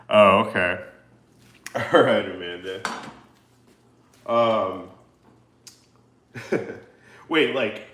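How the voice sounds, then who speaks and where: A man hosting a livestream, reading viewer comments aloud with a slow, laid-back delivery. His voice is bright and his talk is joking and profane. The room is echoey. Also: fairly low pitch. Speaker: livestream host.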